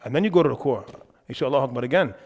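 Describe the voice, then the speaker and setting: A man's voice: mid-range voice, very fast, breathy edge. A young man giving an emphatic, conversational religious lesson in a mosque, with frequent filler words. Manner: animated, emphatic. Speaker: religious teacher. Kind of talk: lecture on worship. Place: mosque hall. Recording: reverberant mosque hall.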